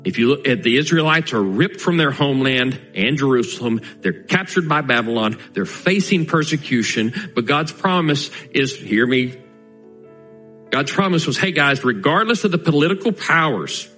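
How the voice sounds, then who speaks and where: A man preaching a sermon, earnest and conversational, slowing down to stress key lines. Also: mid-range voice, expressive, sharp tone, soft background music, low-quality recording. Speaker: pastor.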